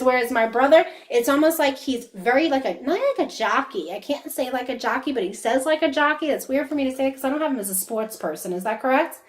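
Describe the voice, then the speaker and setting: A woman working as a psychic medium, giving a chatty conversational reading and relaying quotes in lively bursts. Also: a little high. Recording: echoey room.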